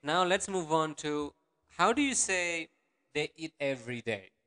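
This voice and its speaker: A man teaching an online language lesson, patiently repeating words slowly and syllable by syllable. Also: on the high side, expressive, bright, forceful tone.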